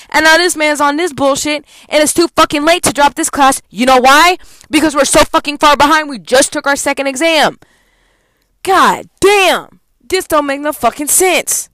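A woman's voice: high-pitched, a bit bright, no room sound. A young adult woman, a college student, venting in a heavily profane, heated vlog rant.

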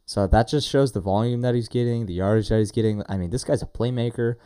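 A man co-hosting a fantasy football podcast in casual, animated chat with friendly slang. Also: fairly low pitch, fast talker, smooth, no room sound, studio quality.

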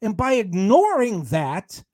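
A male talk show co-host in a heated on-air argument, defensive and combative, breaking into fast rants. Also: high voice, huge pitch swings, darkish tone, no room sound.

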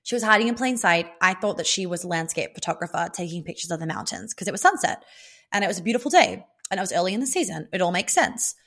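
A young woman telling a personal story in a casual, excited, rambling way, swearing now and then. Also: on the low side, fast. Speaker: vlogger.

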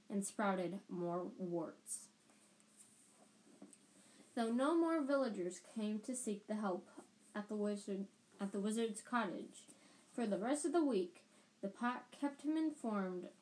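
A woman's voice: mid-range voice, darkish tone, rough recording. A woman reading a storybook aloud, often stumbling and restarting words. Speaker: podcast storyteller.

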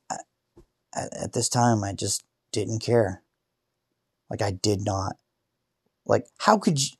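Low-pitched man, confessional podcast storyteller, halting speech that breaks into swearing bursts. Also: darkish tone, no echo, clean studio sound. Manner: swearing, halting restarts, rising to angry outbursts. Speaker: podcaster telling a personal story. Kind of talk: emotional personal storytelling. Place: lying in bed.

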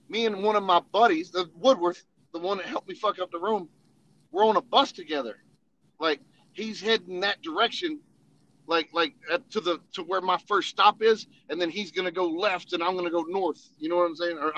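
A man's voice: high-pitched, fairly quick, fairly bright tone, lo-fi sound. A man telling funny army stories in casual, profane storytelling, laughing and acting out voices as he goes. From Tennessee.

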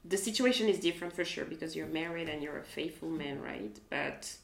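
A woman hosting a casual podcast interview, asking her guests questions in an expressive way. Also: low-pitched, a little fast, vocal fry, roomy sound, slight background noise.

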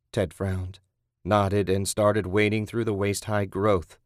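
Low-voiced guy reading a horror audiobook, steady and measured, dry close sound. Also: no room sound. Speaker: audiobook narrator. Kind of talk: scripted horror narration.

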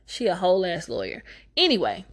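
A woman recapping a movie in a casual, comedic way, talking fast, swearing freely, and making sarcastic asides. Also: lowish voice, wildly swooping pitch. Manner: profane, sarcastic, talks fast.

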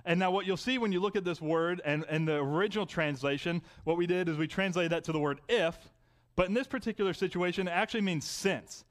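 Young guy preaching, pretty high voice, chatty storytelling style. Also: quick pace. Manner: conversational preaching with personal stories. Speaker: pastor. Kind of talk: sermon.

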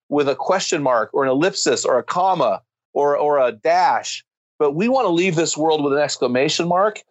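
A man with a fairly high voice speaks like a preacher, driving his points home with emphatic, rising intensity. The sound is dry and close, with no room around it. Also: no echo, poor audio. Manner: emphatic, builds to fervent climaxes. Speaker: guest speaker on men's ministry. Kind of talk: impassioned preaching-style storytelling.

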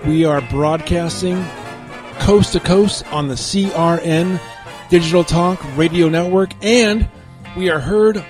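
A man hosts a movie talk show with a slightly raised pitch. He talks casually and eagerly about films, rambling a little as he goes. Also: a little slow, a little mellow, faint music behind. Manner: enthusiastic, chatty, laughs easily. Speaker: radio show host and film reviewer.

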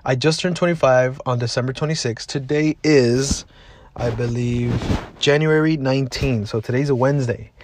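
A man's voice: mid-range voice, fairly even intonation, normal speed, noisy background. A man in his twenties from Southeast Los Angeles, hosting a podcast in a casual, motivational monologue that is blunt, heartfelt and full of swearing. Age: 20s. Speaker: podcast host.

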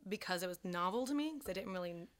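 Young woman from georgia on a podcast, kinda low smooth voice, rambles and laughs a lot. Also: animated, fast talker. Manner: rambling, filler-heavy, laughs easily. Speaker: podcast co-host. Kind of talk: casual chat.

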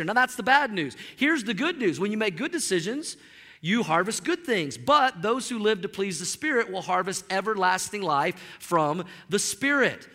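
A man's voice: high-pitched, animated, normal speed, bright, forceful tone, long reverb tail. A male pastor preaching a sermon in a church, telling a personal story and acting out the dialogue. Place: church sanctuary.

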